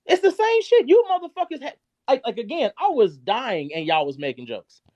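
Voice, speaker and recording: A man hosting a live stream, ranting angrily and cursing constantly, his loudness jumping up and down. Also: very high voice, very animated, fairly quick, dry recording, highs cut off. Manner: heated, profane, cursing constantly; shifts abruptly between loud and quiet. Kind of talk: angry rant on a live stream.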